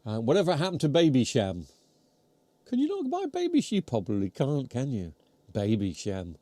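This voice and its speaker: A British man with a mid-range, dark voice swings hugely in pitch at a moderate pace. He's hosting a live stream, casually reading comments while chewing, rambling and self-deprecating, his voice sounding worn; the close-mic recording is dry.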